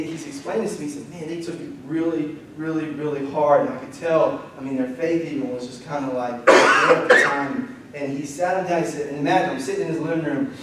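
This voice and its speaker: A man's voice: a little high, slight background noise. Casual preacher man in an echoey church. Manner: casual storytelling, animated quoting of others. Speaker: pastor. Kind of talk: sermon. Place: church sanctuary. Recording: echoey hall from far off.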